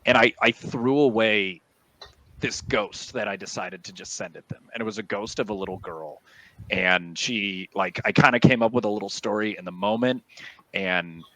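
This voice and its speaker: A man, a guest on a video call, telling stories from his tabletop games in an animated, laughing way. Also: on the low side, normal speed, rough recording. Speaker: guest, D&D player. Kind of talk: casual storytelling on a video call.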